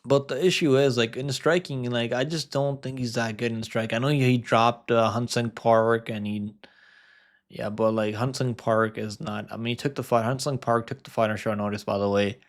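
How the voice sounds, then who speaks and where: A man's voice: medium pitch, steady tone, moderate pace. A man giving casual fight predictions, rambling with lots of fillers and restarts. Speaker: MMA predictions host. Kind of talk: casual fight-pick commentary.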